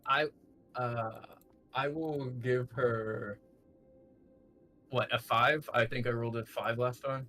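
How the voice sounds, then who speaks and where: A man's voice: medium pitch, fairly even intonation, slow pace, long pauses, bright, forceful tone. A man playing a tabletop game, joking and wheedling with the game master. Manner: playful and wheedling, laughs easily. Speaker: player.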